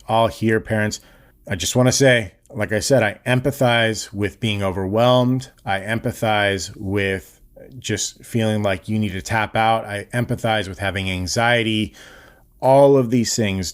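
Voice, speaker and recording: A young man with a fairly low voice talks straight to the listener in a casual podcast monologue. He is blunt and earnest and swears freely as he makes his point. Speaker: podcast host.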